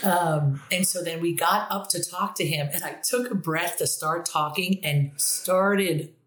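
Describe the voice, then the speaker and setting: Low-voiced woman in her fifties, chatty. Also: measured pace, fairly bright tone, slight background noise. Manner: chatty storyteller, laughs often. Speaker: guest, university director of bands. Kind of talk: casual interview chat.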